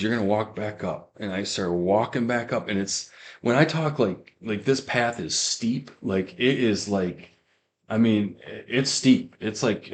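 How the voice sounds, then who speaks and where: A young man with a fairly low voice tells his story of faith for a podcast. He rambles, trips over his words and restarts sentences again and again as he goes. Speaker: guest giving a testimony. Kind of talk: personal testimony on a podcast.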